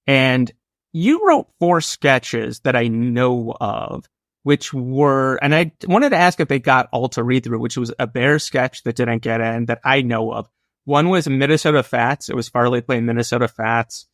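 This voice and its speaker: A man's voice: medium pitch, measured pace, dry recording, clean studio sound. A man hosting a podcast, asking a guest about past sketches. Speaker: podcast host. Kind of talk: interview questions.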